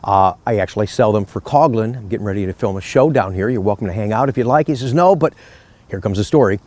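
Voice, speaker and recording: A middle-aged car salesman hosts his own channel outdoors in a park, speaking in a low, darkish voice at a quick pace. He chats casually and tells friendly stories in this vlog.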